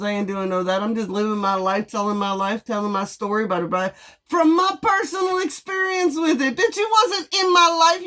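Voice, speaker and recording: A woman tarot reader venting in a heated, profane monologue, blunt and sarcastic, mocking with bursts of laughter. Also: medium pitch.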